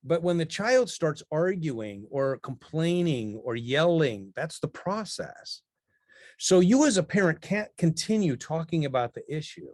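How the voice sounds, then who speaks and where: A man's voice: a little high, lively intonation, measured pace, a little mellow, no room sound. Man teaching parents, dry close sound. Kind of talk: webinar teaching chat.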